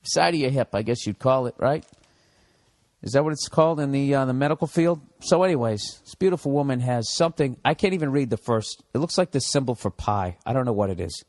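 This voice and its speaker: A man's voice: mid-range voice, expressive, a little fast, a little mellow, no room sound, studio quality. Sarcastic ranting man with a Boston accent. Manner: profane, sarcastic ranting with frequent asides. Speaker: podcast host. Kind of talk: solo comedic rant.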